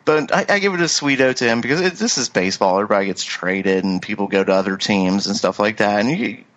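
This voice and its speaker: A man's voice: fairly low pitch, quick pace, a bit bright, lo-fi sound. A man talking casually on a podcast, hesitant, with many restarts and fillers. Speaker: podcast co-host. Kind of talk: casual chat.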